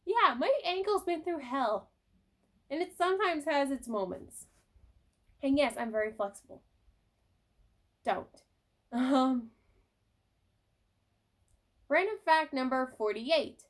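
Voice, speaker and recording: A young woman vlogger telling personal stories in a casual, animated way, swearing now and then. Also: high-pitched, takes it slowly, long pauses. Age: young adult. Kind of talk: casual storytelling vlog.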